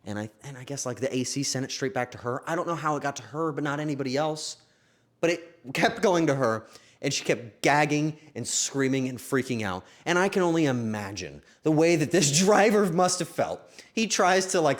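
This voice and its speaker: A young man hosting a stream, telling a story to his chat in a casual, swearing, animated way. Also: fairly high pitch. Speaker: streamer host.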